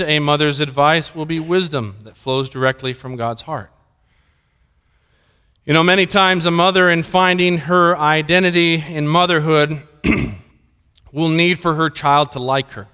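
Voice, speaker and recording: A middle-aged preacher delivers a sermon in a high, bright, crisp voice. He slips into storytelling and acts out the voices of the people in his anecdotes. His words ring out with a long reverb in a large hall. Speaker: pastor.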